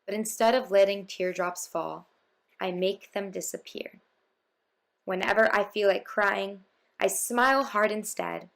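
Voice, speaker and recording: Storybook figure: a woman doing a soft-spoken, hopeful jester, a touch gravelly. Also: medium pitch, unhurried. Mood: gentle. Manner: gentle and coaxing. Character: kind, hopeful male court jester.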